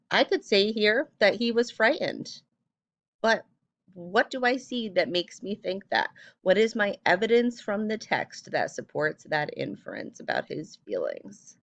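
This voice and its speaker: A woman teacher giving a recorded reading lesson, speaking clearly and patiently and reading short passages aloud with expression. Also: medium pitch, sing-song, unhurried, fairly bright tone, no room sound, lo-fi sound.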